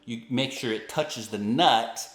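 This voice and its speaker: A man's voice: mid-range voice, unhurried. Man teaching violin in an echoey room. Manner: patient, explanatory, counts beats aloud. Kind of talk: instructional explanation.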